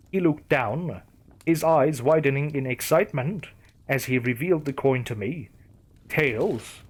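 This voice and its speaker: A man reads a first-person horror story aloud as its narrator. His delivery is steady and storytelling. His voice sits at an ordinary middle pitch for a man.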